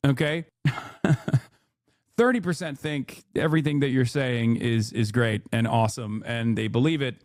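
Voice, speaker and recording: A man's voice: mid-range voice, a little mellow, dry recording, studio quality. A young man hosting a live political stream, reading out posts and mocking them with a sarcastic, scornful manner. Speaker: political livestream host.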